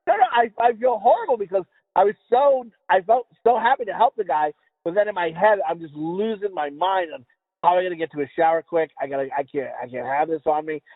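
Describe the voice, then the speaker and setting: He's a podcast co-host from the US East Coast with a high-pitched voice and a fairly quick delivery, swearing and rambling through stories in casual conversation while tripping on his words. There's no room sound, just a dry, tinny, phone-like tone.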